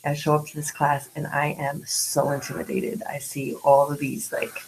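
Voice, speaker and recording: A woman in her late forties telling a personal diary vlog, candid and slangy, animated in retellings and hushed in reflective moments. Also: sits low, moderate pace, creaky, low-quality recording. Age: 40s. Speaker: vlogger.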